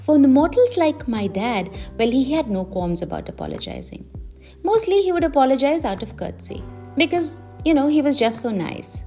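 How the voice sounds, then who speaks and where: Woman presenter, high and lively, mellow tone, chatty explainer with rhetorical questions, soft music behind. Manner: conversational, with rhetorical questions and slow emphasis. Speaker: communication presenter. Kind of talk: explainer talk to camera.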